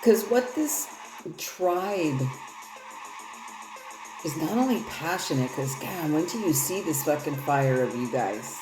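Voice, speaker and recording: Low-voiced woman giving a profane tarot reading. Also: lively intonation, slow pace, long pauses. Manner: loose, profane, rambling. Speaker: tarot reader. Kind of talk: casual tarot reading livestream. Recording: echoey room with loud music.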